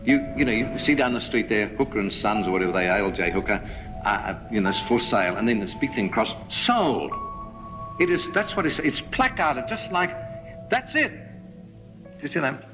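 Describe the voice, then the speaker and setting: A man preaching a sermon, animated, with ironic asides and emphatic rises. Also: fairly low pitch, fairly quick, music in the background, low-quality recording. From Australia.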